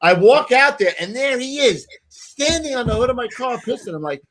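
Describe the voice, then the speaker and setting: A man hosting a podcast, telling a party story in lively casual chat, often laughing. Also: extremely high pitch, normal speed, over a noisy crowd. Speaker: podcast host, retired firefighter. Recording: noisy podcast audio.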